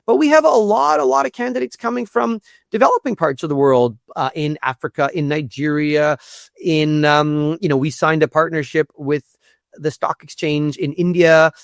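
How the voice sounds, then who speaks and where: A man speaking as a guest in a conversational interview, earnest and prone to repeating words as he thinks, with a gravelly voice. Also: fairly high pitch, normal speed, no echo, clean studio sound. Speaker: guest, institute executive director.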